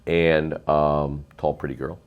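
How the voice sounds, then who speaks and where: In a lo-fi recording, a middle-aged man who invests in real estate speaks slowly in a level bass voice. Interviewed, he spins long, rambling, emphatic stories packed with ums and uhs.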